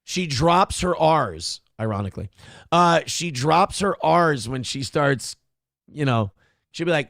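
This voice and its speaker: A man's voice: on the high side, lively intonation, measured pace, creaky, fairly bright tone, no echo, clean studio sound. A middle-aged man hosting a morning show, with crude, sarcastic and mocking commentary. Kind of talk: casual live-stream commentary.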